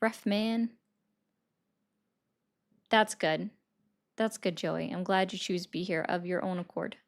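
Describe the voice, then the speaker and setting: A woman's voice: fairly low pitch, takes it slowly, creaky. A woman in the middle of a political livestream, chatting loosely with her viewers and answering their comments. She talks in a sarcastic, offhand way, dropping dry jabs as she reacts to the chat.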